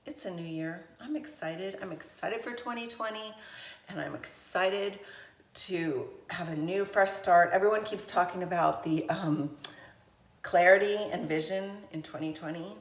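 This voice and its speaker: A woman's voice: lowish voice, unhurried, roomy sound. A woman chatting through a makeup tutorial in a gushing, enthusiastic way. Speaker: beauty vlogger. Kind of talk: casual makeup tutorial chat.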